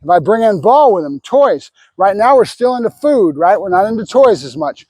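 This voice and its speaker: A man's voice: sits high, sing-song, moderate pace, dark tone, husky, no echo. A man working as a dog trainer, explaining his method during a hands-on session while giving a dog short praise cues.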